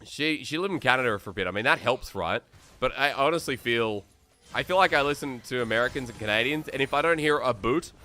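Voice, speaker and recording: Aussie guy casting esports solo, bright voice, hypes the plays and chats with chat. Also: mid-range voice. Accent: Australian. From Australia. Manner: excitable, chatty, thinks aloud. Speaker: esports caster. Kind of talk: solo play-by-play commentary and chat. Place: New South Wales.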